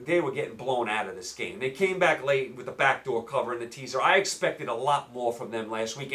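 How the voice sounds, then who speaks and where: A man with a New York accent hosting a solo football picks show, rambling and animated, firing rhetorical questions at listeners. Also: mid-range voice. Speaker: sports betting podcast host. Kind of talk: solo sports picks talk.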